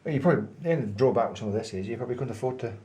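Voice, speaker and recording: A man's voice: mid-range voice, animated, racing, dark tone. A man vlogging, chatting enthusiastically to camera in a pipe maker's showroom. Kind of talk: casual showroom chat to camera.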